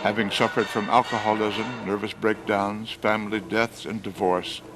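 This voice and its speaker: A man reading scripted documentary narration in a grave, measured way. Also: lowish voice, little pitch movement, low-quality recording. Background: music.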